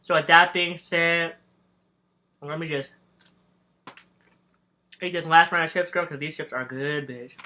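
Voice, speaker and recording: A man's voice: fairly high pitch, fairly even intonation, slow pace, long pauses, sharp tone. A young man hosting a casual storytime podcast while snacking, sassy and profane, rambling from one tangent to the next and calling his listeners "girl". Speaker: podcast host.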